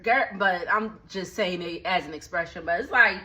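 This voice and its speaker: A woman recapping a movie in a casual, slangy, animated way, with lots of asides. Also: on the low side, normal speed, muffled recording.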